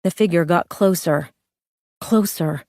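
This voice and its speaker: A woman's voice: lowish voice, a little slow, darkish tone, dry recording, studio quality. A woman narrating a thriller audiobook with a tense, urgent reading.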